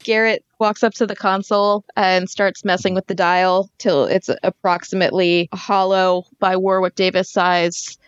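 A woman's voice: mid-range voice, little pitch movement, moderate pace, few pauses, clean tone, dry recording, highs cut off. A woman playing a tabletop game, giggly and playful as she describes her character's moves. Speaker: player. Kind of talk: casual tabletop play.

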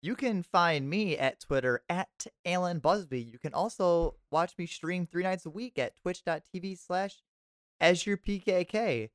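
A man's voice: high voice, unhurried, no room sound, clean studio sound. A man co-hosting a gaming podcast in a teasing, jokey way. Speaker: podcast co-host. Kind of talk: casual chat.

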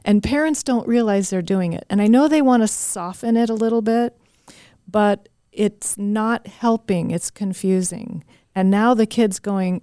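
A woman's voice: mid-range voice, moderate pace, dark tone, clear, resonant tone, no room sound, clean studio sound. A woman co-hosting a casual conversation, speaking in a direct, emphatic way. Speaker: co-host.

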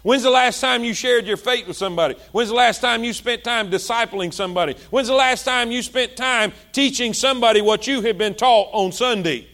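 A male pastor, preaching a sermon with passion, repeating himself and swinging between loud and soft. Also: very high-pitched, a little fast, few pauses.

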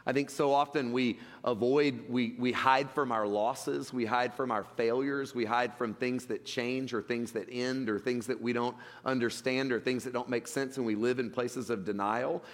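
A man preaching a sermon in a relaxed, conversational way, often restarting phrases as he talks. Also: mid-range voice, normal speed, few pauses. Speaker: pastor. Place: church sanctuary. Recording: long hall reverb.

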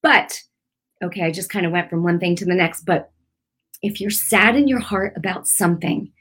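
A woman's voice: lowish voice, normal speed, fairly bright tone, slightly rough. Casting note: middle-aged woman, earnest, chatty devotional teacher. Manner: earnest, conversational, repeats phrases with many fillers. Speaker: Christian teacher.

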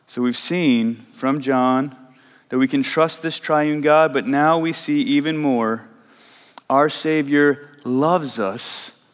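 Earnest pastor preaching in a hall. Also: male voice, fairly high pitch, a bit bright. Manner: earnest, emphatic, repeats questions and asks "right?". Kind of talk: sermon.

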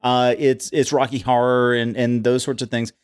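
A man with a mid-range voice chatting casually on a podcast. He rambles through long thoughts, restarting sentences and clearing his throat along the way. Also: mid-range voice, little pitch movement, moderate pace. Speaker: podcast co-host. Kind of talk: casual chat.

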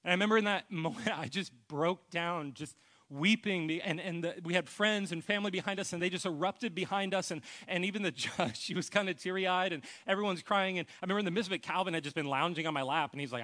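Pastor, male, earnest preaching; light, higher-pitched voice that drops soft at the ends of thoughts. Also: quick pace. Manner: earnest personal storytelling; often trails off to a soft low voice. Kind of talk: sermon.

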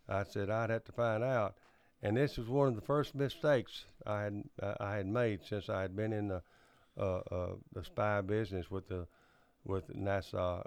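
An older man, recounting his past in an oral history interview, halting often with fillers and restarts and clearing his throat. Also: lowish voice. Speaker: interviewee recounting Cold War service.

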